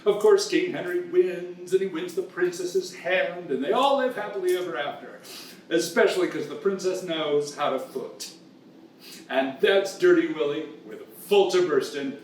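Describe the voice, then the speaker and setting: A man with a fairly high voice hosts a comic lesson, retelling the tale with a bawdy, teasing glee. He sounds a step away from the mic, and a strong room echo rings around his words over faint background noise. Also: moderate pace, recorded from a distance. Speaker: host.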